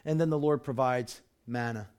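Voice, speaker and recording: A man's voice: mid-range voice, moderate pace, darkish tone. A man preaching a sermon in a conversational way, full of rhetorical questions, restarts and "you know". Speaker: pastor.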